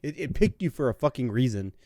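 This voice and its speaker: A man's voice: mid-range voice, big pitch swings, fast talker, mellow, no echo, clean studio sound. Laid-back, rambling man on a podcast. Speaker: podcast co-host. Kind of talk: casual podcast banter.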